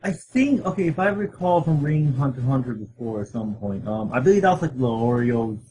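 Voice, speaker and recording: A man co-hosting a casual manga chat, speaking haltingly and repeating words as he searches for what to say. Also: medium pitch, lively intonation, dark tone, low-quality recording. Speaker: podcast co-host.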